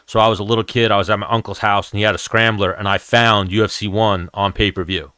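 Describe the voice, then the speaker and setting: New guy in his 30s, cussing and rambling on an mma stream, bright crisp voice, dry close sound. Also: lowish voice, flat delivery, quick pace, no room sound. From New York, USA. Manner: blunt, profane, rambling. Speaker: MMA show host answering chat. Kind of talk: casual live-stream chat.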